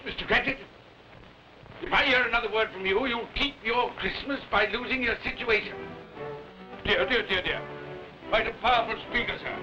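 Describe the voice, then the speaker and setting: An actor plays a cold, mean old miser with a British accent who snaps and sneers in short clipped phrases. His voice sits rather high. It comes from a dull 1930s film soundtrack with music under it. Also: moderate pace, long pauses, close to an everyday voice. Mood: dismissive. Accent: British English. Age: older. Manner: curt, sneering, clipped scolding.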